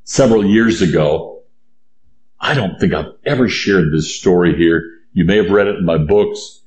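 A man preaching a sermon and reading scripture aloud. He is emphatic, repeats key phrases, and drops low and slow for weight. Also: darkish tone, echoey room, a little hiss or hum.

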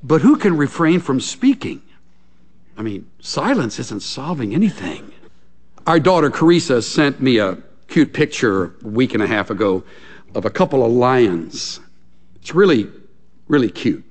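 A man's voice: mid-range voice, a little slow. An older man preaching a sermon, telling stories with laughter and acting out little scenes as he goes. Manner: animated storytelling with laughter and acted-out asides. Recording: long reverb from a large hall.

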